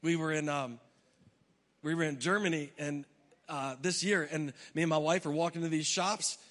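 A man with a high, bright, forceful voice preaches to his congregation, weaving a personal travel story into the message. He acts out his own reactions with humor. The sound carries the long reverb of a large hall. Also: fairly even intonation, moderate pace. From United States. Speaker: pastor.

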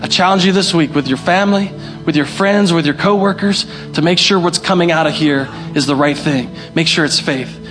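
A man's voice: fairly high pitch, brisk, music in the background. A young male pastor preaching a sermon, emphatic and repeating his key phrases. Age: young adult. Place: church hall.

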